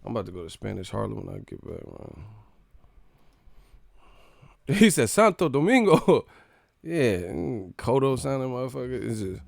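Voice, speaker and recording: A man hosting a boxing live stream, ranting in an animated, profane, laughing way. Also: on the low side, normal speed, creaky, long pauses, dry recording, clean studio sound.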